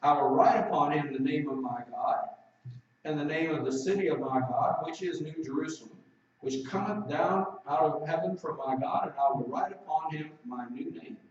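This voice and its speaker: Male preacher, slightly high voice, emphatic sermon delivery, distant, dull, echoing recording. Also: darkish tone. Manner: preaching with emphatic, drawn-out scripture reading. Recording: roomy echo, distant mic, dull lo-fi sound.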